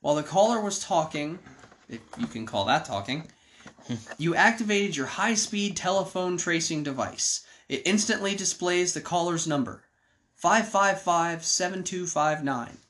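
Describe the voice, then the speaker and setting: Man with a fairly high voice reading a story game. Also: expressive, normal speed, a bit bright. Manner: joking asides between read passages. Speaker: game reader.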